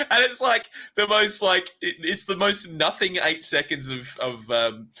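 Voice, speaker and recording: Brief: male co-host, very bright tense voice, rambling, sweary, casual gaming chat. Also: high-pitched, measured pace. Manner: rambling, swears freely, many fillers. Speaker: podcast co-host.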